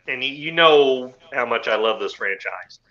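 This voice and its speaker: A man's voice: mid-range voice, expressive, moderate pace, sharp tone, dull audio. A man co-hosting a podcast in casual chat, talking crudely and with lots of profanity. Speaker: podcast co-host.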